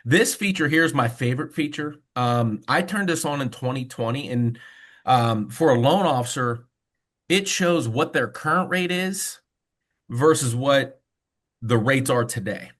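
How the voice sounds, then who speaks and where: A man presenting mortgage tools on a webinar, talking casually and telling stories as he goes. He speaks at a middle pitch, and the sound comes through a video call. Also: animated, unhurried, a bit bright. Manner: casual storytelling, conversational fillers. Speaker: mortgage loan officer.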